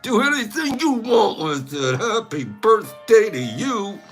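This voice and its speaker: This live stream host speaks in a high, very animated voice at a measured pace, with faint music in the background. Casual and playful, he teases the chat, laughs frequently, and erupts into loud bird calls.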